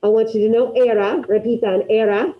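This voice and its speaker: A woman teaching a class, drilling her students through repetition and quizzing them with quick questions in an upbeat way. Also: on the high side, steady tone, lo-fi sound. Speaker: Spanish teacher. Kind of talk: classroom grammar lesson.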